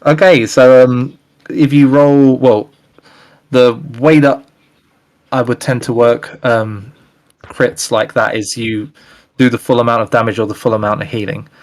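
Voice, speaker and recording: A man's voice: medium pitch, steady tone, measured pace, a little mellow. A man running a tabletop game as game master, laid-back, laughing often and swearing casually.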